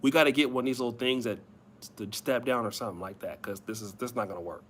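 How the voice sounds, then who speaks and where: A man's voice: mid-range voice, fast, a little hiss or hum, lightly acted. A man mimicking a demanding young woman nagging her boyfriend, sweet and rude at the same time.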